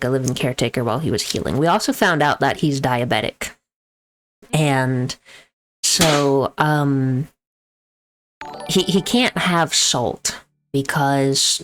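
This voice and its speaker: A young woman, an EMT and streamer, chatting casually and explaining medical terms as she tells a story. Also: a bass voice. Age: young adult.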